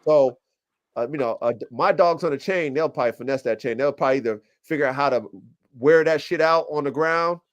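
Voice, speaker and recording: Profane, animated man telling stories. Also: on the high side, a little fast, lo-fi sound. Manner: profane, rambling, animated storytelling. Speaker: podcast host. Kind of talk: casual storytelling on a livestream podcast.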